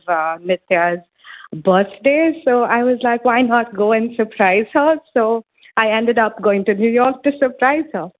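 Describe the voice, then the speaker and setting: A woman from India calling into a radio show, telling her story in an eager, chatty way with many fillers. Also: on the high side. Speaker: guest on a phone line. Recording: tinny phone line.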